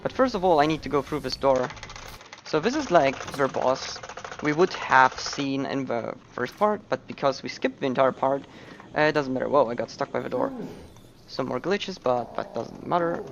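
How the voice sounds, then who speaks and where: A man's voice: mid-range voice, moderate pace, vocal fry, muffled recording, a little hiss or hum. A man giving casual, joking commentary on a speedrun into a headset. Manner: relaxed, joking asides.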